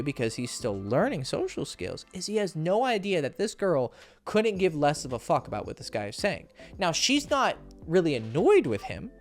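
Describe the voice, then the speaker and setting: A man coaching on dating, speaking straight to the camera with a very lively voice that leaps up for emphasis. He is blunt and swears freely, tossing in "right?" and "okay?" over faint music. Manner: blunt and profane, keeps checking in with "right?" and "okay?"; animated, jumps up in pitch for emphasis. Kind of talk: direct-to-camera advice monologue.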